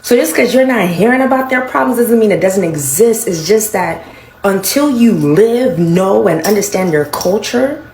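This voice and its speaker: A woman delivers a blunt, emphatic opinion monologue in bursts, often restarting mid-sentence. Her voice sits at an ordinary middle pitch. The room around her is echoey, with a faint hiss underneath. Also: moderate pace, a little mellow. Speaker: social media commentator.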